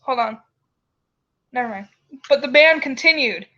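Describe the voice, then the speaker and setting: A woman's voice: sits high, animated, unhurried, bright, forceful tone. A woman co-hosting a comedic fanfiction reading, reacting with laughter and exclamations. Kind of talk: comedic read-aloud. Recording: dull lo-fi recording.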